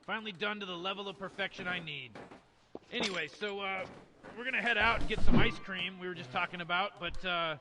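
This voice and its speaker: A man's voice: sits high, fairly quick, noisy background, natural voice. A man voicing Rick, a careless old mad scientist who rambles through his plans and brushes off worries, as a fan impression over gameplay. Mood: placating. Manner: rambling, dismissive.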